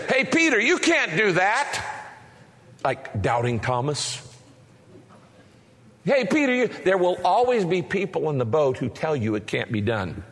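A man preaching a sermon as a pastor, animated, acting out the voices he quotes. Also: a little high. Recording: long reverb of a large hall.

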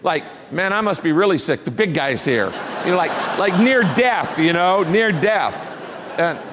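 A man's voice: high-pitched, expressive, measured pace, long reverb tail, noisy background. A man preaching a sermon as a pastor, telling stories with humor and building to emphatic preaching.

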